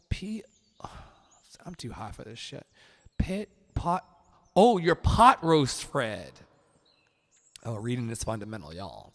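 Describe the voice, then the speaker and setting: A man's voice: mid-range voice, long reverb tail. A man hosting a casual livestream, chatting loosely with viewers and reading their comments aloud in a rambling, easygoing way. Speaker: livestream host.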